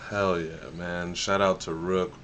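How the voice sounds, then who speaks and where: A man's voice: sits low, little pitch movement, a little slow, a bit bright. A man hosting a live stream, chatting casually in a laid-back, rambling way with casual swearing. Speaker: stream host. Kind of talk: casual chat.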